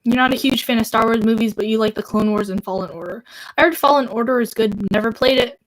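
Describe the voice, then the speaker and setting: A woman's voice: fairly high pitch, fast talker. A young woman chatting casually on a livestream, replying to viewer comments and laughing often, with lots of "like" fillers.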